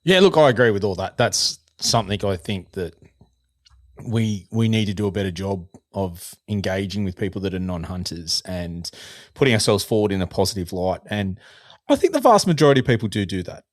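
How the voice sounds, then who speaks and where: Low-voiced host. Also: male voice, animated, brisk, dry recording, studio quality. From Australia. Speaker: podcast host. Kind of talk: casual interview chat.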